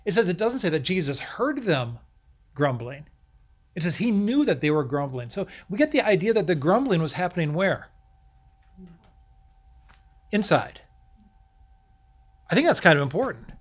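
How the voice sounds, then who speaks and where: Man preaching with animated questions. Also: high voice, moderate pace, pauses often. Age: middle-aged. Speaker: pastor. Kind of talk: sermon.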